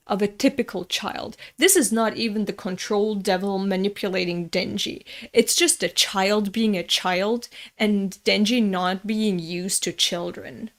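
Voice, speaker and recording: A woman from Europe hosting a manga reading, telling a story in a chatty, self-mocking way with frequent laughter. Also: mid-range voice. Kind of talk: casual storytelling and manga commentary.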